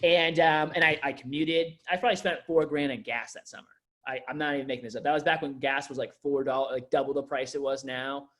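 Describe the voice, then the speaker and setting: A man's voice: mid-range voice, fairly even intonation, fast, fairly bright tone. A man, a manager giving a loose, filler-heavy onboarding talk to his staff, full of restarts. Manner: rambling, filler-heavy storytelling with frequent restarts. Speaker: district manager.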